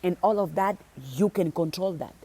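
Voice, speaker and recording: A woman's voice: on the low side, normal speed, mellow, slightly rough. Insistent woman giving a motivational talk. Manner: insistent, repeats phrases for emphasis; speaks to the viewer directly. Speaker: motivational speaker.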